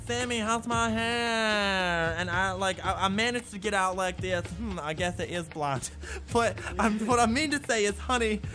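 A man's voice: high voice, pushed and bright. A man playing a rude young man who mocks and insults everyone in a comedic rant. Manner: snide, insulting, mocking.

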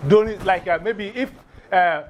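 A man with an African accent teaching a class, animated and often putting questions to the students. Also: high-pitched, a little slow, slight background noise.

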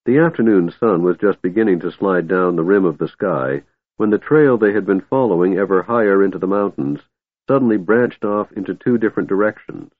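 A man reading a fantasy audiobook as an expressive storyteller, on a tinny, dry recording. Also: sits low, brisk, no room sound. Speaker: audiobook narrator. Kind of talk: scripted audiobook narration.

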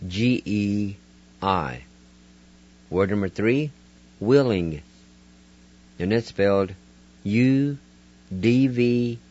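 A man's voice: on the low side, highs cut off. A man teaching a radio vocabulary lesson, spelling words letter by letter and sounding them out syllable by syllable. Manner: patient, deliberate, syllable by syllable. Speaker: language teacher on a radio segment.

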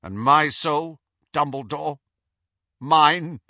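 A man's voice: fairly high pitch, extremely slow, sharp tone, dry recording, lo-fi sound, voice pushed up, full character voice. A man voicing a cold, sardonic wizard professor who talks in a bitter, clipped way, as an audiobook character. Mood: pained.

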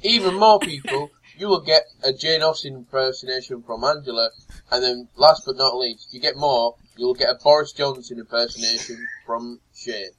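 A man's voice: medium pitch, normal speed, fairly bright tone, rough recording. A man co-hosting a podcast, chatting playfully and teasing. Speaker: podcast co-host. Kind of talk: casual chat.

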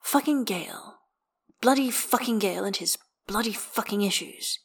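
A woman voicing a sharp-tongued male vampire elf in a fan fiction reading, clipped and cursing under his breath. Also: medium pitch, normal speed, husky. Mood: seething.

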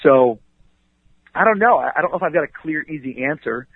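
A fast-talking man with a husky voice makes his points with a preacher's energy. He speaks like a pastor, dropping 'you know what I mean' into his sentences. He comes through a dry, tinny phone line. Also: on the high side, expressive. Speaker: pastor and author, interview guest. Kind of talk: conversational radio interview.

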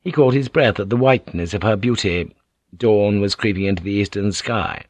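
A man reading a novel aloud in calm, even scripted narration. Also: fairly low pitch, moderate pace, dry recording. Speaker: audiobook narrator.

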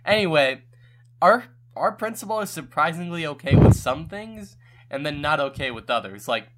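A man's voice: fairly high pitch, expressive, moderate pace. Upbeat young man, noisy clicking mic. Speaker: podcast co-host and editor. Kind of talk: casual chat.

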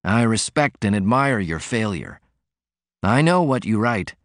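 A man's voice: on the low side, very animated, a little slow, dry recording, studio quality. A man voicing a sickly, sardonic man with a mocking, cutting way of talking.

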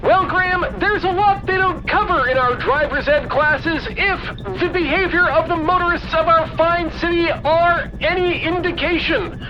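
A man doing a pompous high-voiced traffic reporter. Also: normal speed, dull audio. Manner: formal, pompous.

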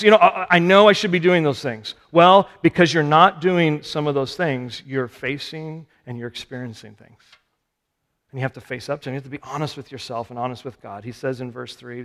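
A man's voice: fairly high pitch, fairly even intonation, brisk, a bit bright. A male pastor giving a conversational sermon, poking fun at himself and putting questions to his listeners. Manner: conversational, self-deprecating, rhetorical questions to listeners. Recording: long reverb of a large hall.

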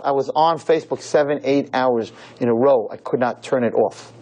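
An emphatic rabbi lecturing a room of young women, leaning on rhetorical questions and repeating his points. His voice sits a little high for a man, and it swings up sharply whenever he drives a point home. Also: fairly quick, a little mellow, poor audio. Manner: emphatic and preachy, fond of rhetorical questions and repetition; pitch swings widely, jumping high on key points. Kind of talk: sermon-style lecture to a live audience.

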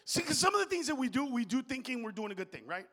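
A middle-aged male comedian works a live stage set, his voice sitting high for a man. He rants in a profane rhythm and jumps into loud shouted bursts, addressing the crowd directly. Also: very animated, quick pace. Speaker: stand-up comedian. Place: stage before a live audience.

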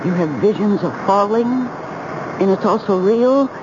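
An actress playing a shaken young woman, a lone survivor, telling her story in a halting, dreamy way. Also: medium pitch, noisy background, natural voice. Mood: dazed. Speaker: narrator of her own story. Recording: dull old radio play with music.

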